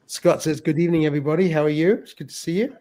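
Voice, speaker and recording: A middle-aged man with a voice a little high for a man hosts a relaxed livestream, greeting viewers by name and reading their comments at a rapid-fire pace. He's chatty, chuckles often, and stumbles over and repeats words.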